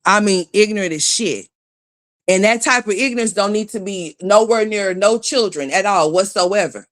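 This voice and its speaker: A woman's voice: medium pitch, normal speed. A woman hosting a livestream, delivering a blunt, scornful, profane commentary rant and greeting chat viewers by name as she goes. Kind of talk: ranting gossip commentary.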